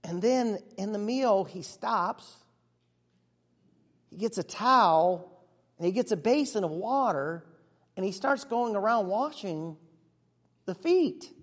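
A man playing an earnest, excitable disciple who tells his own story in a church monologue, chatty with sudden hushes and bursts. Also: sits high, takes it slowly, long pauses, full character voice. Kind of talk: first-person dramatic monologue. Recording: long reverb of a large hall.

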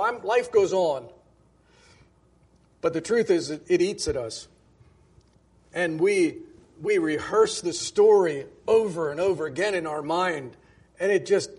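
A pastor preaches to his congregation, a man with a fairly high voice. His tone is husky, and he talks in a loose, conversational way, often restarting phrases and stressing the scripture he quotes. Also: a little mellow. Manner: conversational, with many restarts and emphatic quoting. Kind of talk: sermon.

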